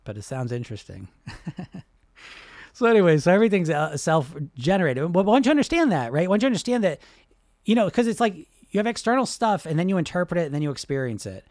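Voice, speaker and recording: A man coaching on weight loss and hypnosis in a casual, animated talk, often swearing and asking "right?". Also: sits high, quick pace, no room sound, clean studio sound. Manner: animated, swears freely, many fillers like "right?".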